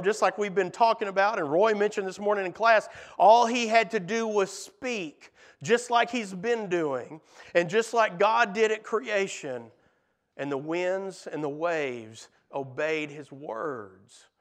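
Slow, high-voiced male preacher. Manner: earnest, repeats words in lists, voice drops soft at phrase ends. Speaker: pastor. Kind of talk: sermon.

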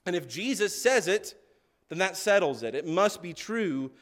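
A man with a high voice preaching a sermon. He speaks earnestly and emphatically, slowing down to stress his key words. He reads scripture aloud as he goes. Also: expressive, fairly bright tone.

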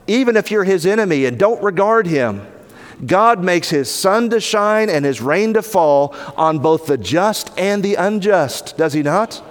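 Earnest male preacher with reverb. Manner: earnest, pleading, rises in pitch when quoting. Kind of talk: sermon.

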